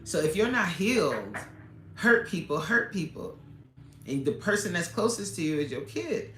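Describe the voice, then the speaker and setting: A woman's voice: lowish voice, sing-song, moderate pace, fairly bright tone, slight background noise. A woman coach hosting a casual live chat, answering viewer comments in an emphatic, candid way. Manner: emphatic and candid, with frequent laughs. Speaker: fitness coach hosting a livestream. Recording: echoey room with faint ambience.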